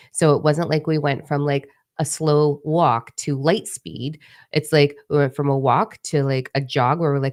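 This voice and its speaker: A middle-aged woman with a low voice talks through a spiritual live stream in a loose, rambling way. She swears freely and keeps her delivery frank and animated. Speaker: spiritual channel host. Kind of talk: casual live-stream talk.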